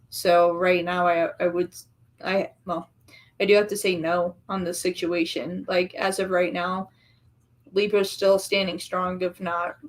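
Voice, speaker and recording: A woman doing a tarot reading on a live stream, chatty and teasing, talking casually to viewers. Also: lowish voice. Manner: chatty, teasing, laughs easily. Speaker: tarot reader on a livestream.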